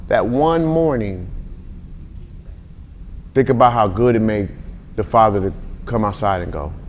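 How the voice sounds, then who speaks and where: Man in his 40s preaching a bible lesson, chatty and animated, talks right to the crowd, mid pitch. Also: a little hiss or hum. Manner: animated, talks straight to the audience, acts out quotes. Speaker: Bible teacher. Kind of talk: conversational sermon-style teaching.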